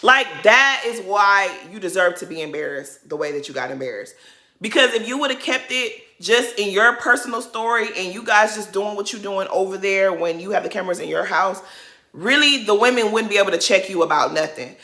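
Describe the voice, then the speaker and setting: Sassy, bright-voiced woman ranting. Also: medium pitch, a little fast. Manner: blunt, sassy, laughs while ranting. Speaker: reality TV commentator. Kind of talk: casual reaction commentary.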